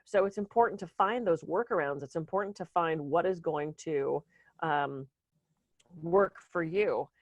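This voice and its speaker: This woman co-hosts a casual podcast and talks candidly, often poking fun at herself. Her voice sits on the low side for a woman. It is picked up close and dry, with no room sound behind it. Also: unhurried, no room sound. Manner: candid, storytelling, self-deprecating. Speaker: podcast co-host, speaker and coach. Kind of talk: casual chat.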